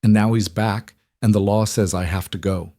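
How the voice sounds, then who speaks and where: A man's voice: fairly low pitch, steady tone, moderate pace, mellow, no echo, clean studio sound, lightly acted. A man voicing a frightened little girl who sobs and pleads as she fears being taken away. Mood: tearful. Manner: sobbing, pleading.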